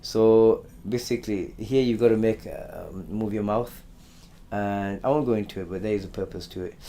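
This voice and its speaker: A man giving a conversational religious lesson. He often repeats words and clears his throat. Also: lowish voice, moderate pace, dark tone. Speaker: Islamic teacher. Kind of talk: religious lesson on Quran stories.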